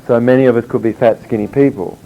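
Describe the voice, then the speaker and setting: A male speaker talks through a health lecture in a rambling, halting way, full of fillers and false starts. His voice sits at an ordinary middle pitch. The recording is dull and lo-fi, with a faint hiss of noise underneath. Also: steady tone. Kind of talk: informal lecture with anecdotes.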